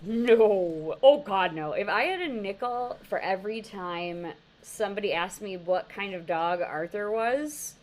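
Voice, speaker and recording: A woman's voice: mid-range voice, measured pace, hardly any pauses. A woman co-hosting a podcast, telling stories in casual chat and laughing often. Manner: animated storyteller, laughs often. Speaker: podcast co-host.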